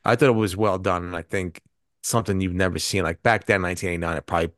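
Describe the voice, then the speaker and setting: Deep-voiced man in casual movie chat. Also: fairly even intonation, fast, a bit bright, dry recording, studio quality. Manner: rambling, with frequent restarts. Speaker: podcast co-host.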